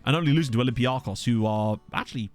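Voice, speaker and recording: A man live-streaming a management game, chatting casually and getting excitable, swearing when something surprises him, into a desk microphone. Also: medium pitch, fast. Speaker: gaming streamer. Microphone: desktop USB microphone.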